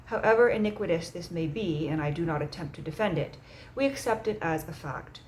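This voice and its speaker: Woman reading as a calm, composed society leader. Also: on the low side, fairly quick, a little hiss or hum, natural voice, rough recording. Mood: calm, measured. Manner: gentle, composed, matter-of-fact. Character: calm, measured man, leader of a secret society. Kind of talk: audiobook reading.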